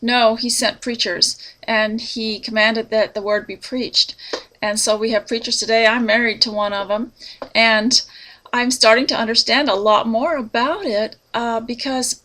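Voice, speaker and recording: Earnest woman giving a devotional talk, kinda high, bright voice, unhurried. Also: steady tone, slight background noise. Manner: warm, earnest, unhurried with soft laughs. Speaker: preacher's wife sharing a devotional.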